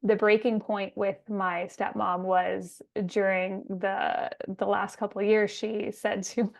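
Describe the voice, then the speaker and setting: Animated woman host telling a story. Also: mid-range voice, vocal fry. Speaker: podcast host. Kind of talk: casual storytelling.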